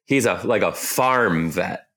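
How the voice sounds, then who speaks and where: A young man co-hosting a casual podcast, animated and joking with quick asides. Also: sits low, vocal fry. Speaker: podcast co-host. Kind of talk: casual chat.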